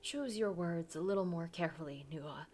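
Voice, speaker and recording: A woman's voice: on the low side, normal speed, darkish tone, slight background noise, natural voice. Woman reading as a stern cryptic old village elder.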